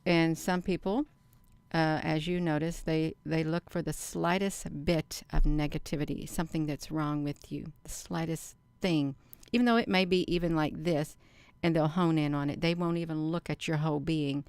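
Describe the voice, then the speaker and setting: A middle-aged woman hosting her own channel, talking slowly and earnestly to her viewers in a rambling casual monologue. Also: low voice, steady tone, a little mellow, clear, resonant tone, no room sound. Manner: slow, earnest, addresses viewers as "you all". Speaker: channel host.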